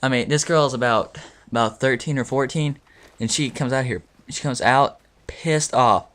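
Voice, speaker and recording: A man's voice: medium pitch, normal speed. A man casually telling a story over gameplay, rambling with lots of fillers and swearing. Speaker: gaming video storyteller. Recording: loud game gunfire behind. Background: video game gunfire.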